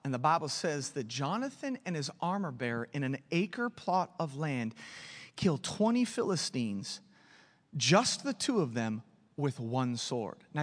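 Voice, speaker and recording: A man preaching a sermon, animated and acting out the story, rising to shouts at the peaks. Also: on the high side, big-room sound. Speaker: pastor.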